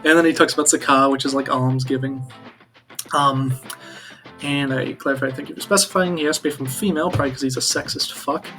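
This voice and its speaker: A man's voice: mid-range voice, steady tone, fairly quick, a bit bright, soft background music. A man vlogging in a rambling, filler-heavy, dismissive way as he recounts an online chat.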